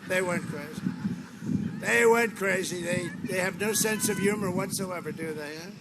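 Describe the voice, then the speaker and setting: High-voiced man at an outdoor rally. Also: normal speed. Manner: repetitive, rambling, boastful. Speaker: campaign rally speaker. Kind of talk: political rally speech. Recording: outdoor rally with steady background noise.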